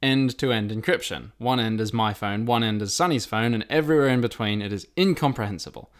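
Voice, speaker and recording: A man co-hosting a casual chat podcast, explaining technology in quick bursts with a lively manner. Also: on the low side. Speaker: podcast co-host.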